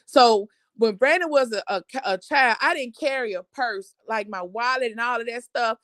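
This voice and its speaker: A middle-aged woman hosting a family live show, telling a story in an animated, expressive way. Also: a little high, normal speed, no echo. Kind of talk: casual storytelling chat.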